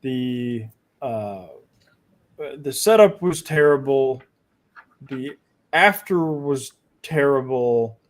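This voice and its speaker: A man co-hosting a casual podcast, talking haltingly with many pauses, also reading out viewer donations. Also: mid-range voice, expressive. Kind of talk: casual chat.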